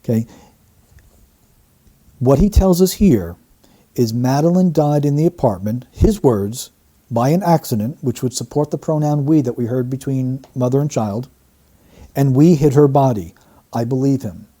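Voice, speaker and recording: A man's voice: medium pitch, expressive, normal speed, long pauses, dark tone. A man analysing an interview clip, explaining the wording of a statement phrase by phrase. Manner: explanatory, breaks down quotes phrase by phrase. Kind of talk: analytical commentary.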